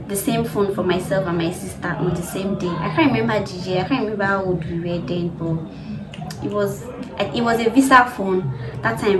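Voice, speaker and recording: A young woman in her twenties with a Nigerian English accent, telling stories in a chatty, laughing vlog. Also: medium pitch. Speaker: vlogger. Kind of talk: casual storytelling vlog. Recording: echoey room with crowd noise behind.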